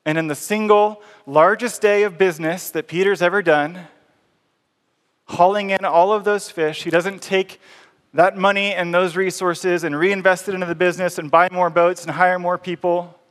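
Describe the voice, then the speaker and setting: A man preaches in an easy, conversational storytelling style, acting out the scenes as he goes. His voice sits a bit higher than most men's, and long reverb from a large church hall follows each phrase. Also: fairly even intonation, moderate pace, fairly bright tone. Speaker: pastor. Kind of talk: sermon.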